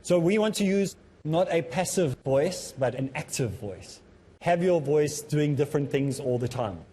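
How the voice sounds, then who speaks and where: Mellow-voiced man teaching public speaking. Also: fairly high pitch, a little slow, a little hiss or hum. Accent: South African. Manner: steady, self-described as a bit monotonous. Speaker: Islamic teacher.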